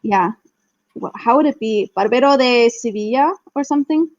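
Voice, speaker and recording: A woman's voice: on the high side, normal speed, a little mellow, no room sound, lo-fi sound. A young woman chatting as a guest on a podcast, enthusiastic and full of "like" fillers. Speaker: guest, Spanish teacher. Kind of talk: casual podcast chat.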